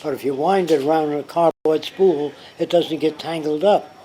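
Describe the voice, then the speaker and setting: A man's voice: a little high, normal speed, dark tone, slight background noise, rough recording. An older man telling anecdotes in casual conversation, acting out the people he quotes. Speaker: interviewee. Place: pub. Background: pub ambience.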